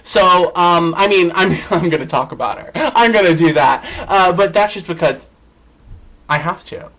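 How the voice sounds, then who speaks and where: Male vlog host, high voice, sassy and campy celebrity gossip delivery with big pitch swings. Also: normal speed, fairly bright tone, low-quality recording. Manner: swoops between high and low pitch.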